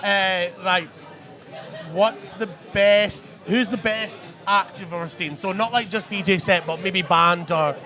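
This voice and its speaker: A man hosting a casual podcast interview, excitable and rambling, swearing freely. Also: high voice, a little slow. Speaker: podcast host.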